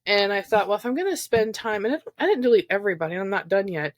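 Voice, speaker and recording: Animated and fast, with a medium-pitched voice and no echo, this woman co-hosts a podcast about trauma recovery from a remote call. Her casual talk is reflective and meandering, sprinkled with fillers.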